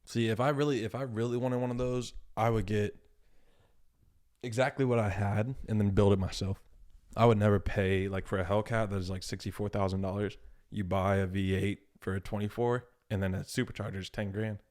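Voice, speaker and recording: A man's voice: on the low side, fairly even intonation, fairly quick, a little mellow. A young man with a Southern country accent, chatting easygoingly as a podcast guest. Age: young adult. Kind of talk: casual chat.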